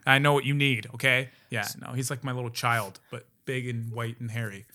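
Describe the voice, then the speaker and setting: A man's voice: mid-range voice, fairly even intonation, brisk, sharp tone. A man co-hosting a casual podcast chat, joking and teasing the others. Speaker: podcast co-host.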